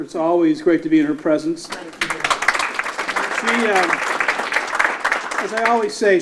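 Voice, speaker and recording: A man with a slightly raised pitch speaks as a city mayor. He delivers measured, formal remarks at a town hall, pausing to acknowledge the officials present. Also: heavy background noise.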